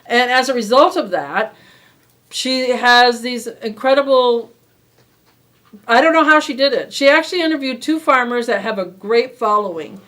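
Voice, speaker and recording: A woman's voice: fairly high pitch, moderate pace, a bit bright. A woman co-hosting a casual chat, telling stories and teasing her co-host. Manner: storytelling, teasing.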